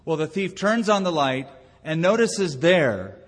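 A man's voice: fairly high pitch, expressive, a little slow. Man preaching in a reverberant hall. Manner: storytelling preacher, rising to emphatic delivery. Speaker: pastor. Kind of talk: sermon. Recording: long reverb of a church hall.

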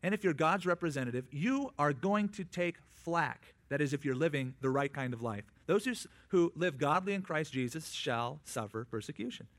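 Conversational preacher with a fairly high voice. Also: male voice, expressive, fairly bright tone. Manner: conversational preaching with quick asides and acted-out quotes. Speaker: pastor. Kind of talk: sermon.

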